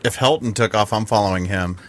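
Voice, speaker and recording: A man with a low voice plays a tabletop game, calmly describing what his character does. His delivery is relaxed and plain. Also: fast talker. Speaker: player. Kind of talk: casual tabletop play.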